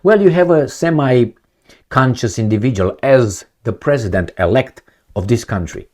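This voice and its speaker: Opinionated guy ranting solo, lively pitch, blunt, keeps asking rhetorical questions. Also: measured pace. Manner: blunt, rhetorical questions, swings loud and soft. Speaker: political commentator.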